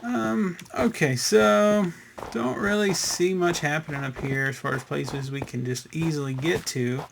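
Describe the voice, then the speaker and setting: This let's-play host has a somewhat high male voice with vocal fry and a measured pace, and a bit of hiss or hum sits in the recording. He talks through the game casually, rambling with fillers and little sound effects.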